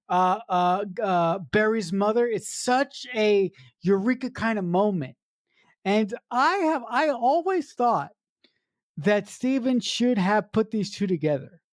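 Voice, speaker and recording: A woman's voice: mid-range voice, darkish tone, no room sound, clean studio sound. Ranting, swearing woman film podcaster. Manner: frustrated rants, swears, stumbles with uh fillers. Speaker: podcast co-host. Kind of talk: casual film review chat.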